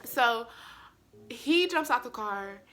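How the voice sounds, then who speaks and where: A young woman, telling viewers a story in an animated, chatty way. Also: on the high side, slow pace, music in the background. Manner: animated, addresses viewers as y'all. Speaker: vlogger. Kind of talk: storytime vlog.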